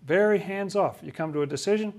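Chatty man teaching scripture, fairly high voice. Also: quick pace, a little mellow. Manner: chatty, often acts out quoted voices. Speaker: religious teacher.

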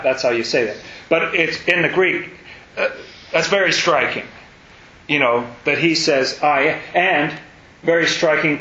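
A man teaching a Bible study in a meeting room, chatty and fond of wandering asides. His voice sits a little high and bounces around an echoey room. The recording is muffled and dull, with a faint hiss underneath. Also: pushed and bright. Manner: chatty and digressive, with self-deprecating asides. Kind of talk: informal Bible lesson.

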